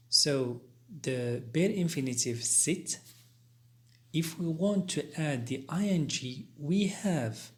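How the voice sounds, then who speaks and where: Male teacher, mid-pitched, unhurried recorded lesson, methodical, spells words letter by letter. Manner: slow, deliberate explaining with spelled-out letters; careful pauses and fillers. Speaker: English teacher.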